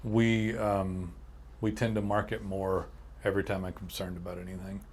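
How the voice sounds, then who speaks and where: A man hosting a casual business podcast, talking bluntly and emphatically in quick bursts. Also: low voice, level tone, breathy edge. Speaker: podcast host and agency owner.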